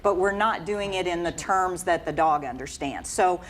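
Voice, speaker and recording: A woman dog trainer explaining training methods as a TV guest, calm and instructive. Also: on the low side, normal speed, a little hiss or hum. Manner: calm, instructive, warmly coaching. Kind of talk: explaining on a TV show. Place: TV studio.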